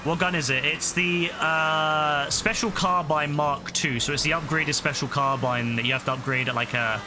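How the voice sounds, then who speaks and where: A man's voice: on the high side, steady tone, normal speed. A young man with a southern English accent, chatting loosely with viewers as a gaming streamer, full of fillers and restarts. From southern England. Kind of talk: casual chat answering viewers while playing. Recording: loud game noise and engine sounds underneath. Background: video game audio with vehicles.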